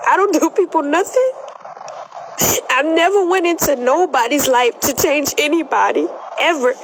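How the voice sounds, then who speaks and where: Tearful young woman, high voice, defiant, repetitive, phone livestream. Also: moderate pace, noisy background. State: crying. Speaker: social media livestreamer. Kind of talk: emotional livestream monologue.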